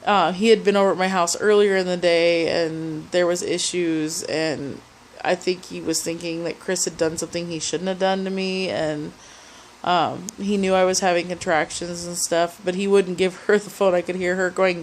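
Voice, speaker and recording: Young woman, testimony speaker; halting, emotional delivery with frequent restarts. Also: on the low side, level tone, slight background noise. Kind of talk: personal testimony.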